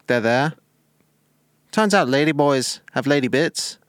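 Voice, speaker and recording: A man doing a crude caller with a put-on Irish lilt, speaking every outrageous line in the same unbothered, deadpan way. His voice sits at a middling male pitch, close and dry on the mic with no room around it. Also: a little slow, clean tone, no room sound, natural voice. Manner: deadpan, matter-of-fact delivery of outrageous lines. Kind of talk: improvised comedy phone bit.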